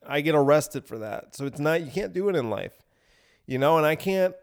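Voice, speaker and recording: Rambling man with a smooth voice. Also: on the high side, lively intonation, moderate pace. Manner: rambling, repetitive, laughing at his own bit. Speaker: podcast host. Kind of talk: casual comedic monologue.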